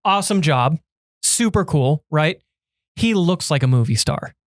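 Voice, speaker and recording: A young man co-hosting a podcast, chatting casually and telling animated stories with quick asides. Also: on the high side, no echo, studio quality. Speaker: podcast co-host. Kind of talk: casual chat. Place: podcast studio.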